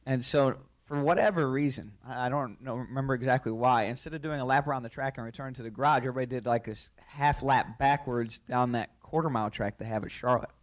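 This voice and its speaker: A man recounts a racing mishap in an animated storytelling manner, his voice sitting in a middle pitch. He chuckles through the telling and keeps the story rolling. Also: fast, few pauses. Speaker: racing driver. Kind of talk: storytelling anecdote.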